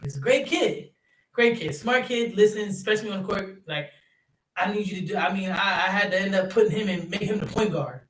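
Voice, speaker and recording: A young man, a youth basketball coach and third-grade teacher, telling stories in an animated, chatty way, laughing often and using lots of fillers. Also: high-pitched, a little fast, distant mic. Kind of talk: casual interview chat. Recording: roomy sound from off-mic.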